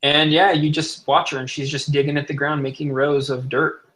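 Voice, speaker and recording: A man's voice: a little high, flat delivery, normal speed, a bit bright, poor audio. A man narrating as game master of a tabletop game, describing scenes in a loose, rambling way.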